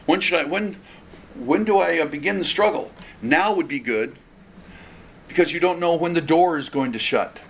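A man's voice: fairly high pitch, moderate pace, slightly rough. A man preaching an expository sermon, earnest and conversational, often restarting phrases.

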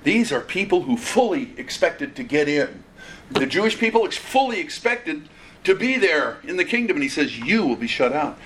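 A man's voice: a little high, sing-song, moderate pace, fairly bright tone, a little hiss or hum. Earnest conversational male preacher. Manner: earnest, conversational, with restarts and quoted asides. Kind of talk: expository sermon.

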